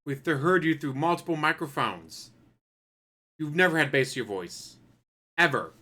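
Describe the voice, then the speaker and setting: A man's voice: a little high, big pitch swings, normal speed, pushed and bright. A man hosting a commentary channel, adding sarcastic, mocking remarks over clips.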